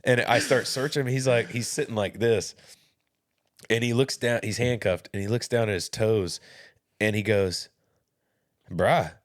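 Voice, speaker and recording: A man's voice: on the low side, unhurried, long pauses. A man telling stories from police work as a podcast guest, laughing often. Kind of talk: casual storytelling.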